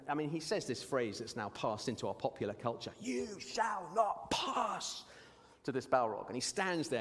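A man preaching a sermon, telling stories in an animated way with lively asides. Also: mid-range voice. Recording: long hall reverb.

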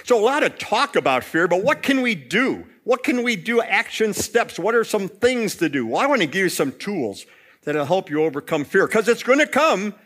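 A male pastor preaching a sermon in an expressive way, with wide swings in pitch and loudness. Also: moderate pace. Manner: acts out quotes in storytelling.

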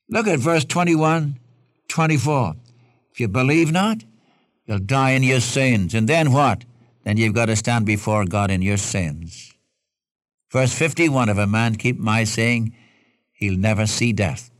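A man's voice: mid-range voice, lively intonation, a little slow, no echo, studio quality. Emphatic man preaching a sermon. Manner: emphatic, pleading, quotes scripture. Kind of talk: radio Bible study sermon.

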